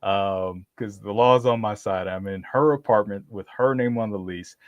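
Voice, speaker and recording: A podcast host with a fairly low-pitched voice tells a story at a moderate pace, chatting casually and acting out what people said. He's animated and laughs often. The recording has no room sound but is muffled.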